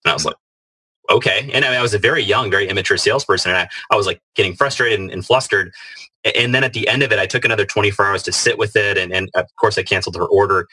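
Man, earnest guest storyteller; low, bright, slightly husky voice, dry close sound. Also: racing, no echo, poor audio. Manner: earnest, many fillers and restarts. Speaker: guest, author. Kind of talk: storytelling in a podcast interview.

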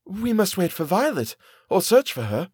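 A man's voice: sits high, very animated, normal speed, husky, dry recording, studio quality, pitched above the performer's own voice, full character voice. A man voicing a timid young woman who speaks small and hesitant.

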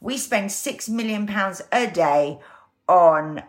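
A woman's voice: medium pitch, slow. A woman, a guest telling her story candidly and acting out the voices she quotes. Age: 50s. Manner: animated, acts out quoted voices.

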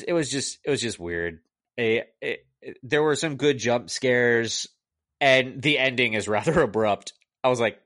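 A man's voice: mid-range voice, animated, a little slow, fairly bright tone, no echo. Rambling man on a podcast, dry sound. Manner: rambling, exasperated retelling full of "like". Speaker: podcast co-host reviewing a movie. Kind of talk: casual chat.

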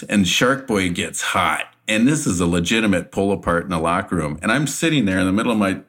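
A man co-hosting a podcast, telling a backstage anecdote in a casual, animated way and laughing often. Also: on the low side, fairly quick, hardly any pauses. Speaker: podcast co-host, retired wrestler. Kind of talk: casual storytelling.

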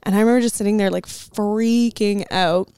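A woman's voice: mid-range voice, steady tone, moderate pace, dark tone, smooth, dry recording, studio quality. A young woman, a podcast guest, tells a personal story in a chatty, casual way, full of "like" fillers.

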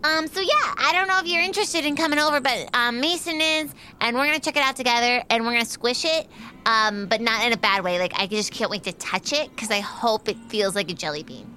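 A woman's voice: fairly high pitch, fairly quick, bright, forceful tone, a little hiss or hum. A woman playing her character in a casual tabletop role-play, bubbly and jokey. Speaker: player.

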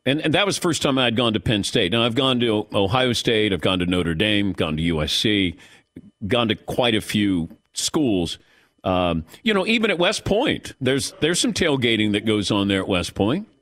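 Lively-voiced sports radio host. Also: male voice, fairly low pitch, normal speed, no echo, clean studio sound. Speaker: sports talk show host.

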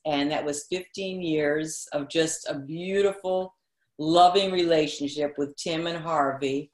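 A woman from Massachusetts, a comedic actress and author, telling stories as an interview guest with lively acted-out quotes. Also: sits low, a little slow, echoey room. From Quincy, Massachusetts. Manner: lively storyteller, acts out quotes. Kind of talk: storytelling in an interview.

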